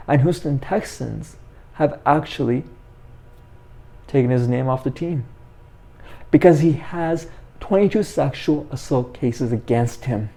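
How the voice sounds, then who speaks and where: A man's voice: medium pitch, vocal fry, warm tone. A young man giving a heated, repetitive sports opinion rant as the host of his own channel. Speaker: sports commentator. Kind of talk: ranting sports opinion monologue.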